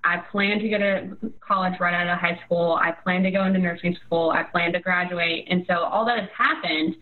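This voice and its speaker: A woman's voice: fairly low pitch, fairly even intonation, normal speed. A woman in her twenties, a new nursing graduate, telling her story casually and leaning on "you know" and "like". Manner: chatty, leans on "you know" and "like". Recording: tinny phone-like line.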